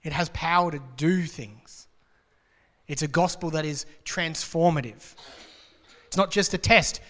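A man's voice: on the high side, unhurried, fairly bright tone. A man preaching a sermon to a congregation, chatty and joking, asking rhetorical questions. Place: church hall. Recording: long reverb of a large hall.

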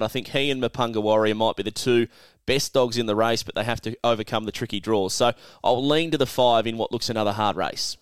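A man chats through his greyhound tips in a smooth, resonant voice. He thinks aloud and turns questions over to his co-host. The sound is dry and close. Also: medium pitch, no room sound. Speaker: greyhound racing tipster co-host. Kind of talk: casual racing tips chat.

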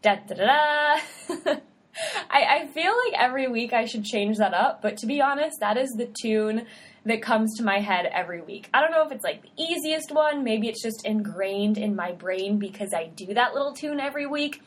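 A woman's voice: a little high, expressive, fairly quick, a little hiss or hum. Upbeat young woman hosting a podcast. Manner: upbeat and chatty, casual slang. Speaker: podcast host and dietitian. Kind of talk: solo podcast intro.

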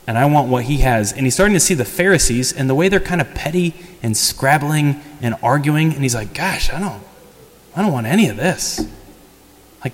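A man who is a priest, giving a casual sermon that retells a story and acts out the quotes. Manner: lively storytelling, acts out quotes with higher pitch and laughs. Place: church. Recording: long church reverb.

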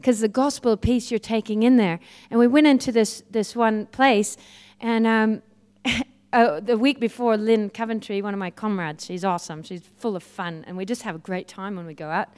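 A woman preaching a sermon, telling personal stories in a lively way and laughing often. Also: mid-range voice, moderate pace, clear, resonant tone. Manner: lively storytelling, laughs often, acts out quoted voices. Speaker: guest preacher.

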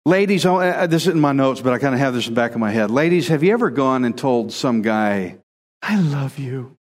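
A man preaching a casual, conversational sermon, animated and repeating phrases for emphasis. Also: medium pitch, quick pace, in a large hall. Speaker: pastor.

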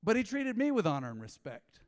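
A man preaching a sermon as pastor, telling a story in a lively way and acting out the dialogue. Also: high-pitched, brisk. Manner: storytelling, animated, acts out dialogue. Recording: long hall reverb.

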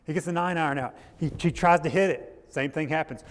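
A man preaching a sermon as pastor, telling a story in a loose, halting way with frequent restarts. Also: high voice, in a large hall. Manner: storytelling with restarts and rising intensity. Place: church.

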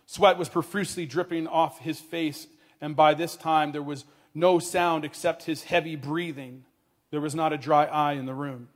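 A man telling a story in a sermon, earnest, dropping his voice quietly at tender moments. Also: on the high side, steady tone, normal speed.

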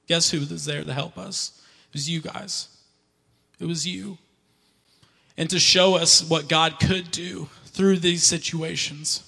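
Gravelly, forceful preaching man. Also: on the high side, fairly even intonation, takes it slowly, long reverb tail. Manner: fervent, repetitive preaching that swells to loud cries. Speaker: pastor. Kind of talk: impassioned sermon. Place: church sanctuary during a morning service.

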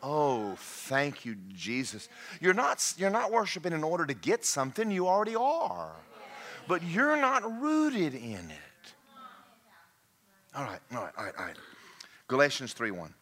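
A man preaching a sermon in an animated way, shouting, laughing and putting on mocking voices. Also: a little high, unhurried.

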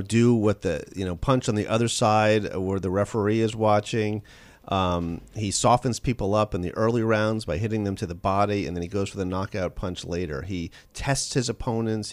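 A man being interviewed as an author on a call-in radio show, telling stories in a quick, animated way with frequent restarts. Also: lowish voice, no room sound. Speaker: author guest.

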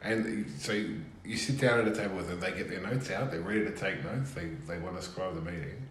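A man's voice: deep voice, fairly quick. A man co-hosting a podcast, asking questions and telling stories with swearing and laughter. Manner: animated storytelling, swearing, laughing. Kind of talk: casual banter. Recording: echoey room with loud noise.

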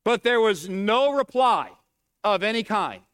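Man, pastor, sermon, high voice, resonant, emphatic preaching. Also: expressive, measured pace, a bit bright, clear, resonant tone. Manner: preaching, reads scripture aloud, rises and falls in emphasis.

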